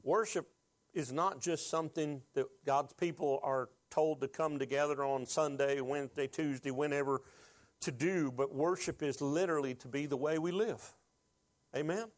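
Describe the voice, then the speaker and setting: A man's voice: a little high, normal speed. A man preaching a sermon as pastor, talking conversationally and building to fervent, rising exhortation.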